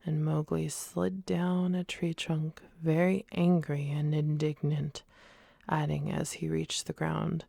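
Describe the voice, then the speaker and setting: A soft-spoken woman narrating a storybook in a whispered role-play for sleep. Her slow reading has a gravelly texture and drops into breathy unvoiced whispers. A close, dry mic catches every detail. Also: low-pitched, flat delivery, dry recording. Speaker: ASMR storyteller. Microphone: close binaural studio mic.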